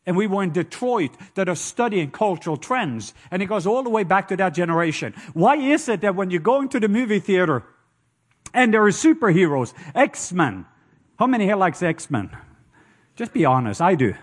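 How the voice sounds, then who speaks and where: A man's voice: sits high, sing-song, moderate pace. A man with a Norwegian accent preaching a sermon, telling stories and joking with the congregation. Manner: storytelling, playful asides to the congregation.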